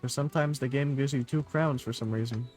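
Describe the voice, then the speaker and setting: A young man streaming a game live, chatting to his viewers, a little tired, with loud bursts of excitement. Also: medium pitch, a little fast, loud music behind the voice. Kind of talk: live gaming commentary.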